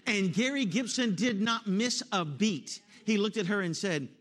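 Preacher guy, fairly high voice, gets emphatic and loud at the peaks. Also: measured pace. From West Virginia. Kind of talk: sermon with a story.

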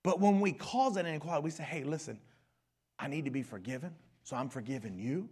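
A high-voiced male pastor preaching with fervor, his pitch leaping up and down all the time. He goes from hushed, almost whispered lines to full shouts. He sounds middle-aged. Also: lively intonation, fast, breathy edge. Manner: impassioned, swinging from hushed near-whispers to shouting. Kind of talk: sermon.

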